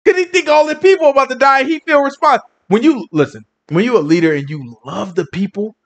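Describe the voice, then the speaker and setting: A man's voice: very high voice, quick pace. A male preacher telling a Bible story in a casual, dramatic, conversational sermon.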